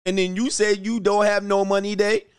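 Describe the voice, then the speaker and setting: A man's voice: high-pitched, flat delivery, normal speed, clean tone, no room sound, studio quality, voice pushed up, natural voice. A man voicing a boastful male doctor who also drives for a rideshare company, in a clumsy put-on South African accent and a comic singsong way that tacks "day" onto his sentences. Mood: indignant.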